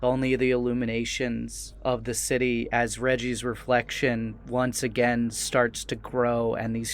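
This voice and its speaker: A man's voice: medium pitch, a little hiss or hum. A man playing a tabletop role-playing game, describing his character's actions in a casual, hesitant way. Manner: casual, hesitant, lots of fillers. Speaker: player.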